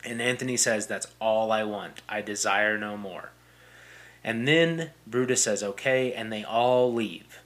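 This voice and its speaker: A man's voice: lowish voice, measured pace, a bit bright. A young adult man casually retelling and explaining a classic play as a podcast host, paraphrasing quotes with frequent fillers and restarts.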